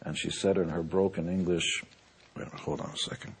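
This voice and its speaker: Deep husky boastful older man. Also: little pitch movement, moderate pace. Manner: boastful, joking, emphatic. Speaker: musician and entrepreneur. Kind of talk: motivational talk.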